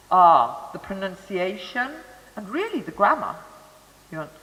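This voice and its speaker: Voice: medium pitch, fairly bright tone. Lecturer in a reverberant hall. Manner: thoughtful, chatty asides to the audience. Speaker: lecturer on Montessori education. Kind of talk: conversational lecture. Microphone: microphone.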